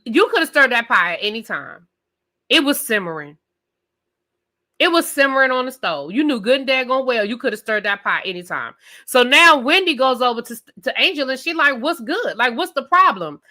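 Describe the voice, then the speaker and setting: Bright, fired-up woman ranting to camera. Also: high voice, moderate pace. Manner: animated, profane, emphatic ranting; direct address to viewers. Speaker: TV show reviewer. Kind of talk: live rant and review.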